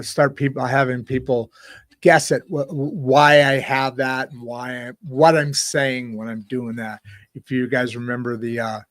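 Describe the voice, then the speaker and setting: A middle-aged man hosting a podcast, talking casually to viewers in a rambling, halting way with many restarts. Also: medium pitch, dry recording. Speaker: podcast host. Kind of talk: casual solo talk to viewers.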